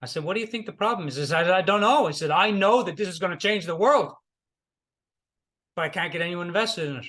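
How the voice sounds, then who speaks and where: A middle-aged life coach gives a motivational talk, retelling client stories and repeating key lines for emphasis. He talks fast in a high-pitched, somewhat bright voice.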